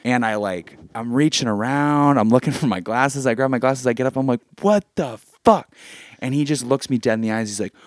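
A man's voice: mid-range voice, fast talker, hardly any pauses, no echo, clean studio sound. A man telling a story casually among friends, laughing often and swearing freely.

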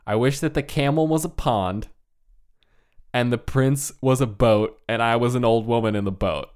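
A man voicing a quick-witted young princess who calmly takes charge. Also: mid-range voice, clean tone, natural voice. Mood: decisive. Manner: calm and decisive.

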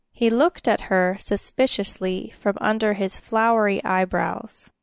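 A woman narrating a story in a measured, even storytelling manner. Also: mid-range voice, vocal fry, clean tone, no room sound, clean studio sound.

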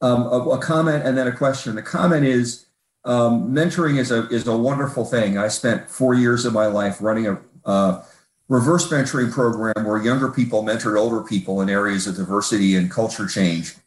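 A man's voice: medium pitch, brisk. A man asking a question in a casual group conversation, thoughtful and rambling, with many restarts. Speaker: audience member asking a question. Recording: roomy echo.

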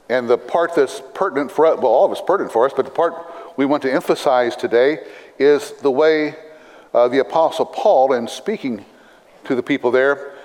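A pastor giving a sermon, reading scripture in a measured, deliberate way with dry asides. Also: male voice, medium pitch, a little mellow. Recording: long reverb of a large hall.

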